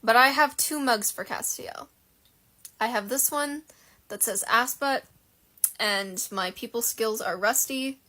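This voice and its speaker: A woman's voice: on the high side, unhurried, pushed and bright. Rambling, gushing young woman. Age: 20s. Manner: gushing, self-deprecating, rambling. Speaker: fan content creator. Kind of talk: casual chat.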